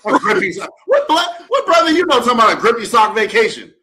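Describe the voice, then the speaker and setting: A man's voice: extremely high pitch, huge pitch swings, fast, a crowd in the background. A man co-hosting a casual sports radio show, teasing his partner with exaggerated outbursts. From United States. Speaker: co-host.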